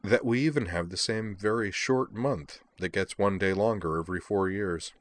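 A man voicing a skeptical seventeen-year-old girl who speaks flatly, in a storybook reading. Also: on the low side, normal speed, natural voice. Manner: flat, dryly amused.

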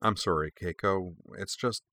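A man's voice: low-pitched, measured pace, sharp tone, no room sound, exaggerated voice. A man voicing a fiery, commanding leader. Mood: restrained. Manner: snarling, then restrained.

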